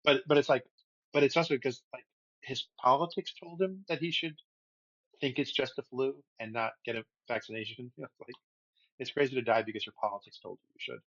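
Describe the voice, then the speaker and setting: A man's voice: medium pitch, brisk, fairly bright tone, no room sound, lo-fi sound. A man co-hosting a podcast in casual political chat, with wry, sarcastic asides. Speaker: podcast co-host.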